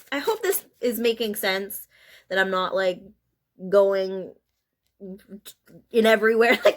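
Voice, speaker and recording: A woman's voice: mid-range voice, a bit bright. Woman tarot reader, casual and chatty, emotional, laughs often, talks straight to her viewers. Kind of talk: casual spiritual card reading.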